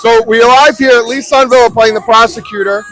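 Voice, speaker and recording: A man's voice: extremely high pitch, steady tone, fairly quick, fairly bright tone, poor audio. A man hosting a live-streamed red carpet, enthusiastic and stumbling over his words. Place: outdoor red carpet event. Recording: live stream with faint music behind.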